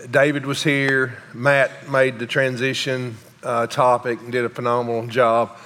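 Choked-up pastor, hall reverb. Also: male voice, mid-range voice, little pitch movement, fairly bright tone. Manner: halting, choked up, sighing. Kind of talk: emotional sermon announcements. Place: large church sanctuary.

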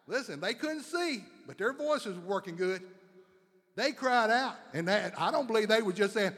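A man's voice: high-pitched, lively intonation, moderate pace, fairly bright tone, long reverb tail. A man preaching a sermon with fervent, repetitive emphasis, building phrases up again and again.

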